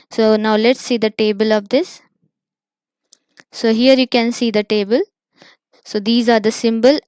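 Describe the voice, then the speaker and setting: A woman's voice: fairly high pitch, clean tone, dry recording. A woman teaching pronunciation, patiently repeating example words one by one. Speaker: English teacher. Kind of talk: pronunciation lesson.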